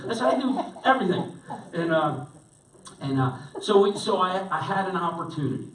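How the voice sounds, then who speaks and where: A man's voice: on the high side, fairly bright tone. A man preaching as a pastor, telling a story in a conversational way with lots of restarts and fillers. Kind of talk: storytelling sermon. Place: church hall. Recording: echoey hall, voice from far off.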